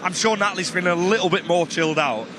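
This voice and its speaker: A man reporting live from pitchside outdoors at a stadium, in upbeat and friendly banter. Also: fast talker. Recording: stadium crowd noise.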